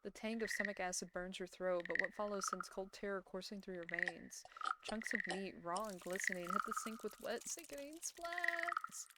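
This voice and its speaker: A woman's voice: medium pitch, fairly even intonation, fairly quick, very noisy. A young woman streamer reading a horror visual novel aloud, dramatic narration broken by giggles and reactions. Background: game music.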